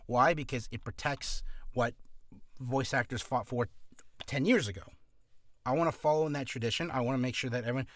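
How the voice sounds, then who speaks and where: A man's voice: medium pitch, a little fast, pauses often, no echo, clean studio sound. A man giving casual career advice on a vlog, rambling with restarts and coughing now and then from acid reflux.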